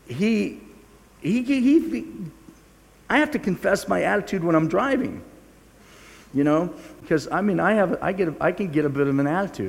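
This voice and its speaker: A man's voice: medium pitch, creaky. An older male pastor delivers a sermon in an earnest, confessional way, stumbling over restarts and teasing himself along the way. His mid-range voice rings out with a long hall reverb behind it. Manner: earnest, confessional, with frequent restarts and self-mocking humor.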